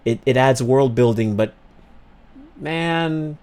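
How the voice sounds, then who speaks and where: Male streamer, casual chat, animated, laughs a lot, mid-pitched voice. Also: takes it slowly. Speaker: streamer and voice actor.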